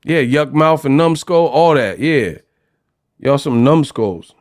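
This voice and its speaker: A man from California hosting a livestream, ranting casually in an animated, slangy, joking way. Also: mid-range voice, slow. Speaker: host.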